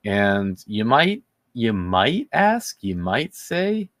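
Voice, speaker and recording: A man hosting a true-crime commentary show in a casual, indignant and sarcastic way, halting often and restarting his sentences. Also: fairly low pitch, sing-song, fairly bright tone, no room sound.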